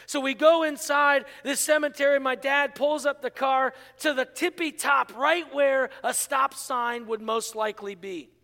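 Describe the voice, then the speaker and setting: A middle-aged man from Pittsburgh preaching a sermon, telling a story with lively asides and frequent "right?" to the congregation. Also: very high-pitched, a little slow, creaky, hardly any pauses. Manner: storytelling, animated, asks audience "right?". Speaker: pastor. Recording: hall with long reverb.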